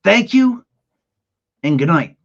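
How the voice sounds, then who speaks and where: A man's voice: sits high, very animated, slow pace, vocal fry, a bit bright, muffled recording. A man hosting a casual sports podcast, talking in an emphatic, conversational way and sometimes repeating words as he starts a sentence. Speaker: podcast host.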